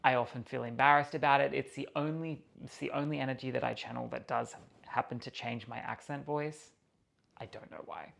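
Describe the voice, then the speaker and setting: A man's voice: medium pitch, fairly even intonation, a little fast, vocal fry, fairly bright tone. A man, a psychic, talking to camera in an earnest, chatty, spiritual way. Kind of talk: casual talk to camera.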